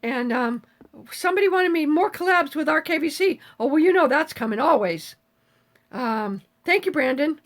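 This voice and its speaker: In her seventies, this woman has a very high, lively voice and talks at a normal speed while answering viewers on a live stream. Her manner is salty and easygoing, and she swears freely.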